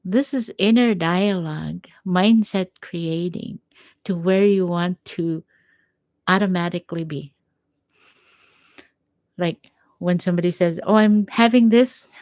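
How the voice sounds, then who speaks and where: A woman giving a gentle, encouraging faith talk at home, quoting scripture as she reflects. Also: fairly low pitch, fairly even intonation, slow pace, pauses often, no room sound. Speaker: faith speaker.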